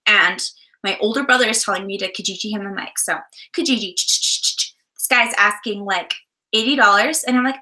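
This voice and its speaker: A woman's voice: mid-range voice, normal speed, sharp tone. A woman from Canada hosting a casual livestream, chatty and giggly as she tells stories. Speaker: livestream host.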